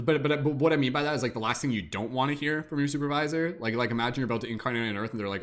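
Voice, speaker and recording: A man's voice: medium pitch, racing, hardly any pauses, fairly bright tone. A young man casually hosting an improv game on a podcast, rambling with lots of fillers and restarts. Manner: rambling, filler-heavy, self-correcting. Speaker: host.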